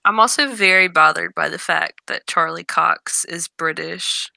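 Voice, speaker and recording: A woman with a fairly low but very bright and crisp voice chats casually and shares her opinions freely. Her speech is clear and smooth. The sound is dry and close. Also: no room sound. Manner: chatty, quick to voice her opinions. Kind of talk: casual chat.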